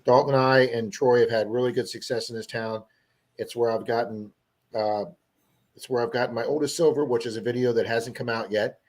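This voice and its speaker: A man co-hosting a livestream, telling an animated story to his viewers in a casual chat. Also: medium pitch, fairly quick. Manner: animated storyteller who acts out quoted people. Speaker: livestream co-host.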